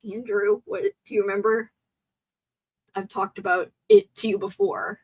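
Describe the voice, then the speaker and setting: A woman hosting a casual live stream movie chat with a sore throat. She is chatty and excitable, and reads viewer comments aloud. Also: mid-range voice, unhurried, husky, low-quality recording.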